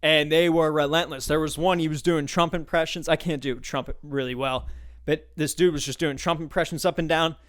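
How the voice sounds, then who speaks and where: A man's voice: a little high, steady tone, normal speed, a bit bright. A man hosting his own talk show, telling a casual, profane story and mimicking people he met along the way. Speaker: podcast host. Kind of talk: casual solo monologue.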